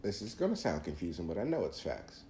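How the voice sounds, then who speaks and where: Low, mellow-voiced man giving faith advice. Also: big pitch swings, fast talker, echoey room, slight background noise. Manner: earnest, preachy, restarts phrases. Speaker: podcast host. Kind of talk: casual faith talk, monologue.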